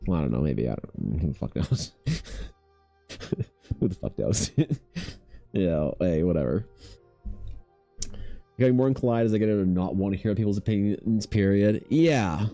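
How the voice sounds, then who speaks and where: A man in his thirties chatting casually while streaming his art, laid-back, swearing freely and mimicking people in a higher voice. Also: expressive, moderate pace, pauses often, dark tone, no echo, soft background music. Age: 30s. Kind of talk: casual chat with chat.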